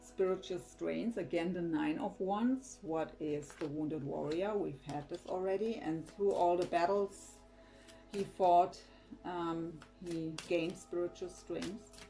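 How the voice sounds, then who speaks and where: Low, mellow-voiced woman tarot reader. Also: takes it slowly, soft background music, poor audio. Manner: defensive, rambling with restarts and sighs. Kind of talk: casual tarot reading to camera.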